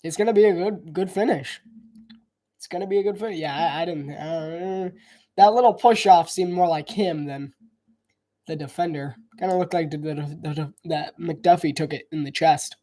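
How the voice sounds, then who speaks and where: A male sports commentator gives casual live play-by-play of a football game, thinking aloud and hedging with many restarts. His voice is a little high with a dark tone, and he keeps a moderate pace.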